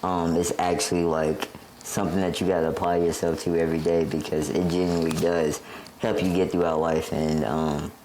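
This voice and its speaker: Young male podcast co-host, very low voice, easygoing delivery with a faint hiss behind him. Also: moderate pace, rough recording. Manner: relaxed, says "bro" often. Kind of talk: casual chat.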